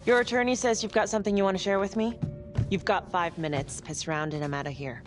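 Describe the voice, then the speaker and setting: A woman's voice: medium pitch, steady tone, fast, music in the background, close to an everyday voice. An actress playing a tough female detective in a video game cutscene, dry, clipped and sarcastic. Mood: skeptical. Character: tough sardonic female detective, blunt and skeptical. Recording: game score playing underneath.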